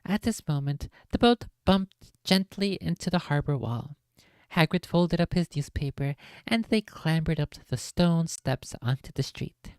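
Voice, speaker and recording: Low-voiced woman streamer reading aloud. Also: lively intonation, measured pace, darkish tone, no echo. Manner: casual, jokey, swears in asides. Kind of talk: live-stream read-aloud with asides.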